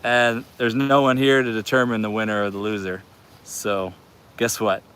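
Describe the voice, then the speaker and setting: A man's voice: fairly low pitch, level tone, normal speed, fairly bright tone, smooth. A man in his forties hosting a casual livestream from a garage, reading viewer comments aloud in an upbeat, affectionate way. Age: 40s. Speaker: livestream host.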